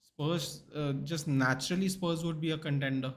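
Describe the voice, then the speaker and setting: A man's voice: fairly high pitch, fairly even intonation, moderate pace. A man hosting a live football watchalong, chatting casually and answering viewer questions while tired from a sleepless night. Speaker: sports channel host. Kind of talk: live match watchalong commentary and chat replies.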